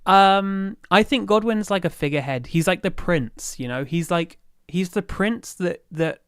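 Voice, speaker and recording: Livestream host. Rambling and self-interrupting, with a smooth voice and a dry recording. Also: medium pitch, dry recording. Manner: rambling and easily sidetracked; thinks aloud with many fillers and restarts. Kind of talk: casual lore chat on a livestream.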